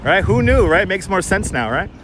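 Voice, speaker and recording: A man with a high-pitched, very animated voice speaks at a moderate pace while livestreaming on a walk through city streets. He chats casually, jokes, and greets viewers by name over a wireless clip-on mic, with faint city traffic behind him.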